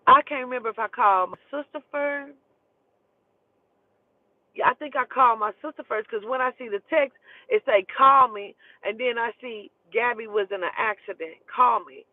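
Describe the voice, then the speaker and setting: A woman's voice: fairly high pitch, moderate pace, dry recording. Woman storyteller, blunt and profane, emotional; tinny dry phone-quality recording. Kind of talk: casual storytelling.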